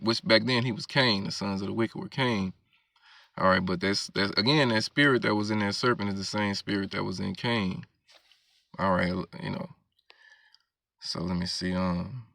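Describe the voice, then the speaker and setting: A man's voice: fairly low pitch, creaky, pushed and bright, no room sound. A man preaching, reading scripture verses aloud and explaining them, often checking in with "all right?". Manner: keeps asking "all right?" and "you know what I'm saying".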